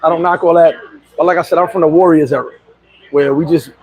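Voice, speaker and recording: A middle-aged man telling a story casually on a livestream, boastful and animated, laughing and swearing often. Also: fairly high pitch, fast, slightly rough, no room sound, poor audio. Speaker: vlogger.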